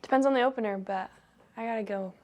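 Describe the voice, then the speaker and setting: A young woman, a college softball player, giving relaxed short answers in a casual interview and laughing often. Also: a little high, fast.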